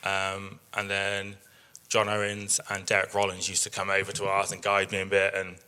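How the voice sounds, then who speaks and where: Bright-voiced man telling stories. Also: low voice, monotone, normal speed, smooth. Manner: chatty storytelling with many fillers. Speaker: sheep breeder giving a workshop talk. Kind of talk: presentation with slides.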